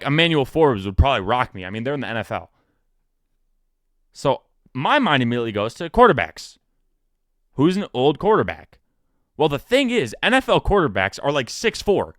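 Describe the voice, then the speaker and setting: Recorded in a clean studio with no room sound, the speaker is a podcast host in his twenties doing a solo sports show. His delivery is lively and jokey, casual throughout, and his pitch spikes to emphasize things.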